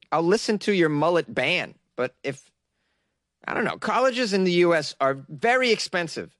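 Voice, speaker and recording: A man's voice: fairly high pitch, a bit bright, no echo, clean studio sound. A young man from Massachusetts hosting casual news commentary, with joking, sarcastic asides. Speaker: host.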